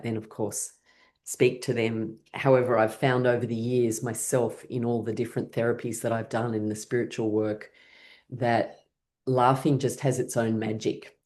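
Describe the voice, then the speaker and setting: A woman's voice: very deep voice, a little mellow. A woman leading an online laughter yoga class, coaxing people through breathing, shaking and clapping, and breaking into rhythmic laughter herself. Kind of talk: guided laughter exercise class. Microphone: online class, video call.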